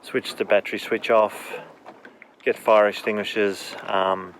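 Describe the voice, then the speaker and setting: A middle-aged man in shock, talking haltingly with many pauses as he records a video diary aboard his damaged boat. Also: on the low side, flat delivery, a bit bright, a little hiss or hum. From Australia. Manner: halting, filler-heavy. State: in shock, emotional. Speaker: sailing vlogger.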